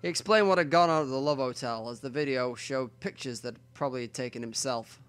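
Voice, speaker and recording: A man reading a visual novel aloud as the host of a let's play, with quiet asides to himself between stretches of narration. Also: medium pitch, brisk, clean tone.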